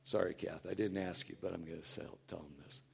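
Earnest, animated male pastor preaching. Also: brisk, creaky, breathy edge. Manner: animated, acts out quoted voices in a higher, louder tone; earnest and conversational, drops soft for tender points. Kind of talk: sermon.

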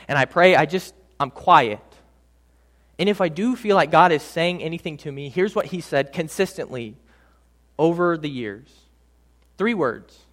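A man preaching a sermon in a slightly higher voice, building to emphatic lines, then dropping to soft, drawn-out words. His delivery is dynamic and heartfelt. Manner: dynamic preaching, drops to soft near-whispers on key words; slows right down for emphasis. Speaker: pastor.

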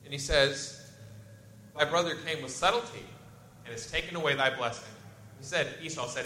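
A man preaches a sermon with a bright voice. He reads scripture aloud and then explains it in plain talk. The room sounds echoey, with faint noise behind him. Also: fairly high pitch, brisk. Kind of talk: expository sermon.

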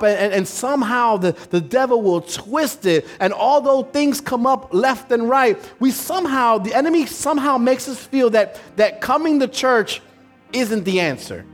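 A man's voice: very high voice, moderate pace, soft background music. A man preaching a sermon in a church service. He tells stories with energy and often restarts his sentences. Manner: animated storytelling with frequent restarts. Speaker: pastor.

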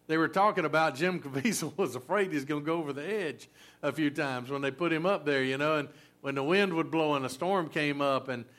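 Man, pastor preaching a sermon, chatty and halting, fairly high voice. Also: fairly bright tone. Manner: conversational preaching with many fillers and restarts.

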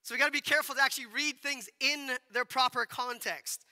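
A man preaching in a church hall, his voice very high and very bright. He talks casually to the congregation and keeps asking them questions. Long reverb trails after each phrase. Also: fairly even intonation, brisk. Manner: conversational, asks the congregation questions, acts out quotes. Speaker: pastor. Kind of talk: sermon.

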